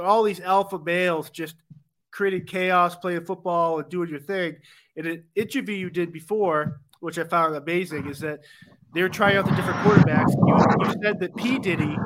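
A man hosting a podcast, asking rambling, halting questions of his guest. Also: high voice, fairly bright tone. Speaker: podcast host. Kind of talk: interview questions.

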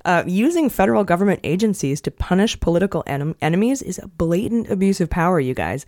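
A woman's voice: fairly low pitch, lively intonation, fast, a little mellow, no room sound, studio quality. A woman hosting a podcast, running through the news with wry jokes in a casual chat. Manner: wry, jokey news rundown. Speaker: podcast host.

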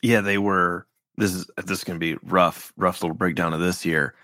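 A man with a fairly low voice talks through basketball numbers in a loose, rambling podcast chat. He doubles back on his phrases and sounds a little wry. The sound is close and dry. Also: fairly even intonation, normal speed, sharp tone, no echo. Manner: rambling, restarts phrases, wry about stats. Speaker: podcast host. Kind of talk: casual sports podcast chat.

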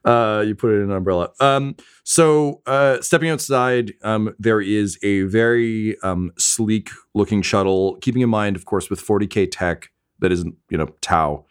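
Hesitant, low-voiced man narrating a game. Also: normal speed, hardly any pauses, clean tone. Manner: hesitant, full of fillers. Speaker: game master.

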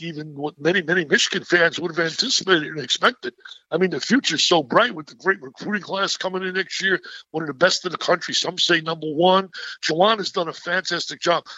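A man in his eighties, an excitable and animated storyteller, talking as an interview guest. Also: on the high side, dry recording, highs cut off. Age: 80s.

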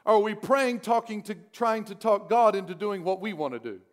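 A man with a notably high voice preaching to his congregation. He drops into hushed prayer, then drives points home by repeating phrases with rising force. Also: a little fast. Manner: lively preaching, swings between soft prayer and emphatic repetition. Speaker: pastor. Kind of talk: sermon.

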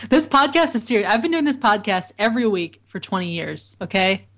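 A woman guesting on a comedy podcast, laughing often as she spins absurd deadpan bits. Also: medium pitch, moderate pace. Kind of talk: casual comedic chat.

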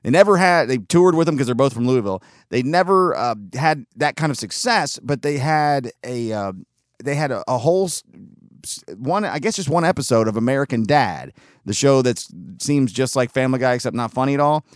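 Smooth-voiced male podcast host rambling. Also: medium pitch, lively intonation, brisk, no room sound, clean studio sound. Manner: rambling, laughs often, trails off with fillers. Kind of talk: casual chat.

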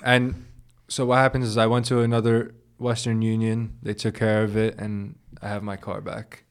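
A man telling a long story on a podcast, rambling and animated, quoting what others said, with many restarts and stumbles. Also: on the low side, normal speed, clean tone. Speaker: podcast guest. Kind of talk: casual storytelling.

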